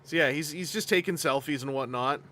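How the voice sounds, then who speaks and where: A man's voice: fairly high pitch, a little fast, pushed and bright. A man chatting casually on a livestream as host, rambling with lots of asides and frequent laughter. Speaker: toy collecting streamer.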